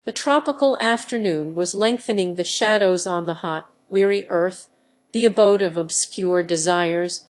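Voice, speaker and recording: Slow, measured woman narrator. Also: mid-range voice. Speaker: audiobook narrator. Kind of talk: scripted narration.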